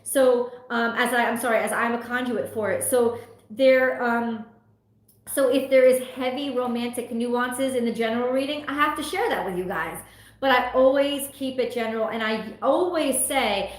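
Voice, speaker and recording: A woman's voice: on the high side, moderate pace. A young woman, a tarot reader, talking casually from home on a livestream and venting her frustration with some swearing. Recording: echoey room.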